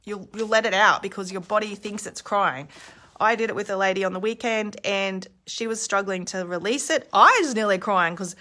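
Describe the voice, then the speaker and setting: Woman in her thirties, casual coach, candid and chatty, bright tone, mid pitch. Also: moderate pace. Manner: chatty, candid, demonstrates screams and sounds aloud. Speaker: emotional release coach. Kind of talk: casual instructional talk. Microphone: phone held in hand.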